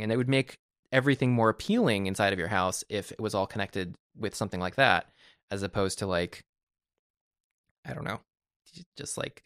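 A man's voice: fairly low pitch, creaky, a bit bright, no room sound, studio quality. A man co-hosting a podcast, chatting casually about tech and rambling with lots of "like" and "I don't know". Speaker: podcast co-host.

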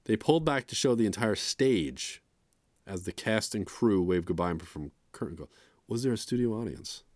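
A man's voice: fairly low pitch, lively intonation, moderate pace, a little mellow, no room sound, clean studio sound. A man co-hosting a podcast, speaking in a laid-back way and reading notes aloud now and then. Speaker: podcast co-host. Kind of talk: casual chat.

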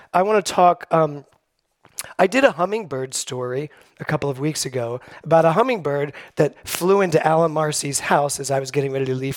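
A middle-aged man preaching a Sunday sermon, telling personal stories with lively, acted-out quotes. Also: a little high, no room sound, studio quality. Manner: storytelling, animated, acts out quoted voices. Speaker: minister. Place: church sanctuary.

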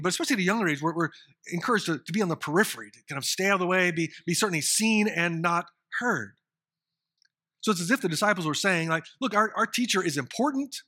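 A man preaching a sermon, first reading scripture aloud and then explaining it in a measured, earnest way. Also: sits high, sharp tone. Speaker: pastor.

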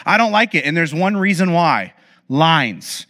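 Man, fairly high bright voice, humorous conversational preaching, echoey hall. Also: sing-song, unhurried. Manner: humorous storytelling, acting out exasperated inner voices.

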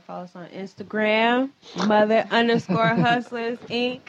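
A woman's voice: a little high, a little slow. Woman casually plugging her business. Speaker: guest. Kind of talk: casual plug. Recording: dull lo-fi with faint noise.

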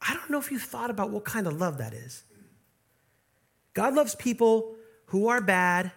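Male pastor with a high voice, preaching in an earnest, conversational way that stumbles over restarts. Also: sing-song, creaky, a bit bright, slightly rough. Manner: earnest, repeats and restarts words, slows for scripture. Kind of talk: sermon.

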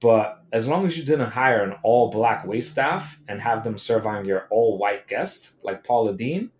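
A man's voice: medium pitch, normal speed, a little mellow, reverberant. A man hosting a podcast, telling a comedic story in a brash, profane rant. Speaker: podcast host. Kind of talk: comedic monologue.

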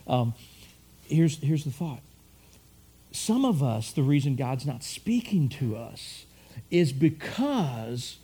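A man's voice: on the high side, a little mellow. A middle-aged man preaching a sermon in a conversational way, repeating phrases and acting out quotes. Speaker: pastor.

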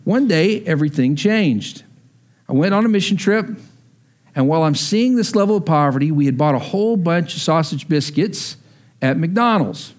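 Pastor, man, 30s, from texas, high voice, storytelling sermon that builds to emphatic preaching. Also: lively intonation, moderate pace, a little mellow.

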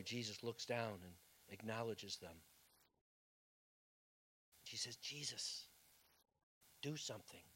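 Delivering his sermon like a dramatic story, a pastor moves from sudden loud outbursts to quiet, hushed passages. His voice is mid-range.

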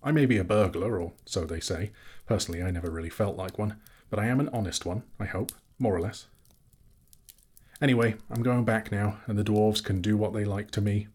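A man voicing a polite, fussy male hobbit who talks in a brisk, businesslike, genteel way, a little husky. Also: lowish voice, darkish tone.

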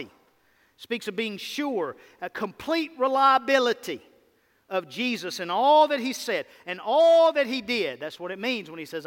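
A man's voice: high-pitched, fairly bright tone, big-room sound. A man preaching a sermon, with an emphatic, repetitive cadence and rhetorical questions.

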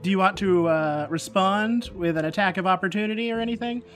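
A man's voice: high voice, brisk, fairly bright tone, soft background music. A man narrating as game master of a tabletop game, describing scenes with many fillers.

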